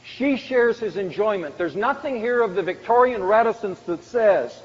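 A man preaches in a fairly high voice, earnest and measured as he reads stories aloud. His voice carries a long reverb from a church hall, and the recording is dull and lo-fi. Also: lively intonation. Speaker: pastor. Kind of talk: sermon.

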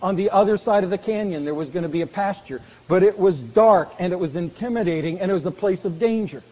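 A man preaching a sermon earnestly, slowing down for emphasis and dropping soft on key phrases. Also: sits high. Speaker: pastor. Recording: dull lo-fi recording in a reverberant hall.

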